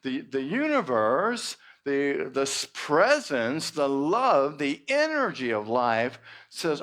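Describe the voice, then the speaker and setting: A male minister preaching at a church service in an expressive way with playful exclamations. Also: fairly high pitch, slow, hardly any pauses. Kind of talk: sermon.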